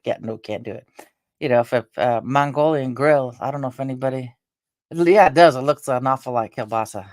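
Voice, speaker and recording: A woman hosting a casual live stream, rambling along with halting restarts and fillers, sounding tired and drained. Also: rumbling low, a little mellow, dry recording, studio quality. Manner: meandering, halting talk with many restarts and fillers. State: tired and drained after a stressful day. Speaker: livestream host.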